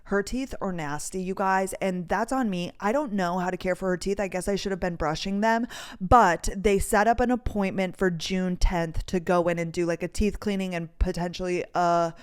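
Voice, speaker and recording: A woman from North Dakota hosts her own podcast and talks casually to her listeners. Her voice is smooth and clear, and she rambles, fills her sentences with "like" and swears easily. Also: on the low side, moderate pace. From North Dakota, USA. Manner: chatty and rambling, heavy use of "like", casual swearing. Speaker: podcast host. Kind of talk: casual solo storytelling chat.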